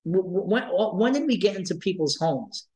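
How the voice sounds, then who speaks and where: A man's voice: high voice, very animated, moderate pace, a little mellow, rough recording. A man being interviewed, speaking with passion and emotion and repeating his points for emphasis. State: emotional, near tears. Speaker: advocate for trans youth. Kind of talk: interview guest.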